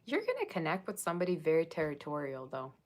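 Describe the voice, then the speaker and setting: A woman's voice: sits low, huge pitch swings, quick pace. A woman giving a casual tarot reading, chatting and rambling straight to her viewers. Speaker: tarot reader.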